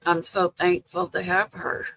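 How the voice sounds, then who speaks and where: An older woman chatting casually with viewers on a livestream, telling family stories in a slow, rambling way with lots of "you know" and laughter. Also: on the low side, flat delivery, creaky, fairly bright tone, no room sound, rough recording. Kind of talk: casual live chat.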